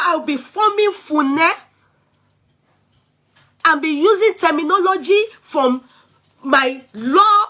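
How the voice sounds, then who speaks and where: A Nigerian woman vlogger in an animated, chatty rant, switching freely between English, Yoruba and pidgin. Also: very high voice, a little slow, long pauses.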